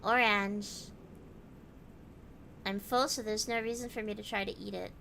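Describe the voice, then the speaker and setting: A woman's voice: mid-range voice, steady tone, unhurried, vocal fry, fairly bright tone, slight background noise. A woman streamer chatting casually while gaming, reading viewer comments aloud and answering them.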